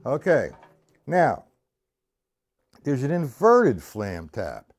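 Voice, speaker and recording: On a live stream, a middle-aged man teaches drum rudiments, counting beats aloud over his own drumming and chatting casually with viewers in between. His medium-pitched voice swings hugely in pitch and moves extremely slowly. A loud drum kit plays alongside him, with background noise.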